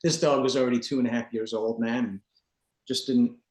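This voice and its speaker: A man's voice: mid-range voice, fairly even intonation, brisk, a little mellow. Earnest rambling man in a roomy room. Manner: earnest, rambling, frequent "man" fillers and restarts. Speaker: dog trainer, podcast guest. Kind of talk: casual storytelling. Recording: roomy echo.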